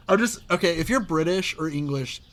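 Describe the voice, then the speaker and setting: Bright-voiced young man, rambling podcast chat. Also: sits high, big pitch swings, normal speed. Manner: rambling, says "dude" a lot, laughs often. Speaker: podcast co-host. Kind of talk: casual chat.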